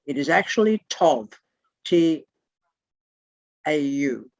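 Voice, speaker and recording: A teacher runs an online lesson over a video call, pausing to spell out each term letter by letter. The talk is blunt and sometimes profane. The sound is lo-fi and muffled, with a close, dry, roomless quality. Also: medium pitch, animated, dry recording.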